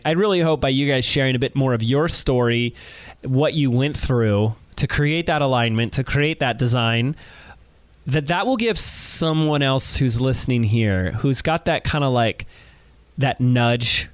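A man's voice: medium pitch, moderate pace, no room sound. A man hosting a podcast in an upbeat, emphatic, friendly way, introducing his guests. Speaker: podcast host.

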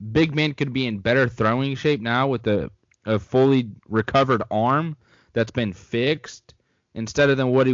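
A man's voice: mid-range voice, dry recording, lo-fi sound. A young man co-hosting a casual sports podcast, rambling and joking as he gives his opinions. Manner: laid-back, rambling, jokey. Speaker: podcast co-host.

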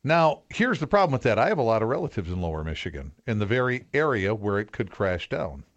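A man's voice: on the low side, sing-song, quick pace, muffled recording. A man in casual chat as a guest radio host, bantering playfully and laughing easily.

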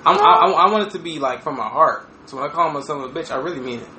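A man hosting a podcast, talking in casual crude banter, animated and profane, laughing often. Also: a little high, rapid-fire. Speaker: podcast host. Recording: echoey room with faint noise.

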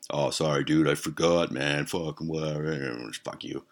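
A man's voice: rumbling low, fairly even intonation, normal speed. A man doing a shrugging stoner buddy. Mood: careless. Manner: shrugging, dismissive, profane. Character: careless stoner male buddy, young adult.

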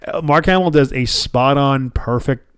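A man's voice: medium pitch, moderate pace, fairly bright tone, smooth, no echo, studio quality. A man hosting a podcast in casual chat. He tells stories with energy, swears freely, and acts out quotes from the people he talks about. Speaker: podcast host.

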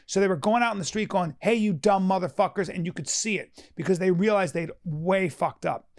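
Man, high voice, casual chat, emphatic, profane, restarts a lot. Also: fairly quick. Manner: emphatic, profane, frequent restarts, acts out quotes.

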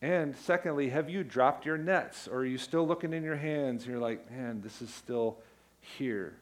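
A man's voice: mid-range voice, moderate pace. A middle-aged man, a pastor, preaching a sermon in a conversational, storytelling way that builds to emphatic declarations.

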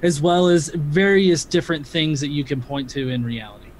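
A man's voice: on the high side, moderate pace. A man in a heated debate, talking in a combative, exasperated way, with some faint noise behind.

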